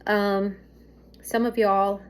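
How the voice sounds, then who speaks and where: A woman's voice: mid-range voice, little pitch movement, drawn-out words. A middle-aged woman from Alabama with a Southern accent, chatting casually to viewers at home, rambling and easily sidetracked. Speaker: vlogger.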